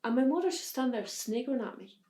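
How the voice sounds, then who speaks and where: A woman telling a hard personal story as an interview guest, in a halting way with restarts. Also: fairly high pitch, animated, dark tone, roomy sound. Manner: halting, restarts under strain. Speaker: podcast guest.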